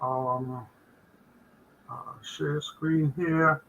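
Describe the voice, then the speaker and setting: An older man with a raspy voice, a guest accountant giving a faith-based finance talk on a video call, halting with many fillers and restarts. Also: on the high side, steady tone, a bit bright, a little hiss or hum, low-quality recording.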